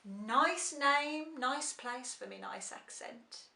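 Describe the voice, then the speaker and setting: Actress playing wry Black Country executive. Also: female voice, high voice, animated, slow, gravelly, bright, forceful tone, echoey room, heavily acted. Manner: wry, confiding, switches to a clipped posh work voice. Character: working-class woman turned posh executive, wry. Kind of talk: monologue drama.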